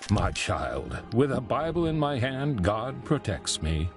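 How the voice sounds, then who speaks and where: A solemn old priest. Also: male voice, mid-range voice, sing-song, over music. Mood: earnest. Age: older. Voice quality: slow, grave, kindly. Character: old male town priest, gentle and solemn. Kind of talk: video game dialogue.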